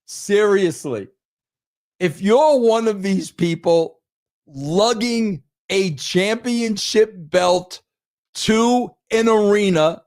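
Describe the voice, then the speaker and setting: A middle-aged man hosting a wrestling show, ranting in a crude, exasperated way and repeating himself for emphasis. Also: high voice. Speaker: host. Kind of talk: ranting commentary.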